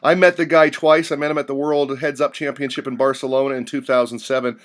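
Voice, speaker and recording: A male interviewer hosts a conversation, asking questions and telling anecdotes in a storytelling, conversational way. He talks quickly at a medium pitch with little pitch movement.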